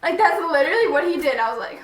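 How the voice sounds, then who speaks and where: A young woman vlogger chatting excitedly about a concert with a friend. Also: high voice, fast talker. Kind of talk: casual chat. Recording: echoey room, a bit far from mic.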